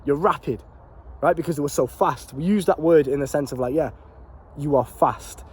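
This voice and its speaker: A man's voice: fairly high pitch, a little fast, husky. A young man, telling a casual motivational story about a gaming inside joke. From Britain. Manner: animated and swearing, slangy and repetitive. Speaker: vlogger and life coach.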